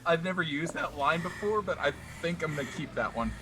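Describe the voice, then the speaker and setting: A woman's voice: low-pitched, lively intonation, a little fast. A woman chatting and joking as a player in an online tabletop game session. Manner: loud, laughing, joking. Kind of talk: casual chat between players. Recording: loud background noise with clicks.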